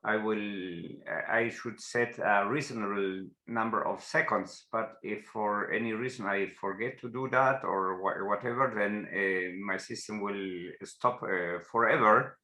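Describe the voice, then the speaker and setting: A man in the audience asking a question, hesitant and halting, with many fillers. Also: lowish voice, fairly even intonation, bright, forceful tone, reverberant.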